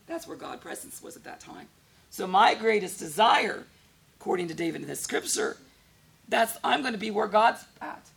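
A woman's voice: medium pitch, gravelly, slight background noise. A woman preaching a sermon in a conversational way, often putting questions to her congregation.

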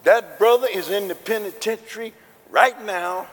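A male preacher delivering a sermon, emphatic and full of amens, building from quiet to shouting. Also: high-pitched, normal speed, in a large hall, soft background music. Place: church.

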